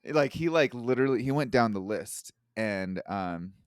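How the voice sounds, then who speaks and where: A man's voice: medium pitch, moderate pace, clear, resonant tone, no room sound, clean studio sound. A man guesting on a podcast, chatting casually and playfully mimicking people he met. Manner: lively, playful voices for quotes. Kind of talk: casual interview chat.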